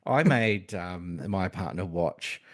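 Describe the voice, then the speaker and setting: A man's voice: low-pitched, animated, slow pace. A man co-hosting a podcast, talking in casual chat with many restarts and fillers. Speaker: podcast co-host.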